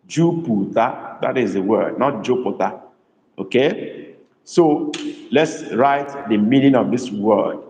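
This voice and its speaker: A man teaching a live online language class, patiently repeating words slowly and calling on students by name. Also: lowish voice, a little mellow. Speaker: language tutor. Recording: echoey room with long reverb.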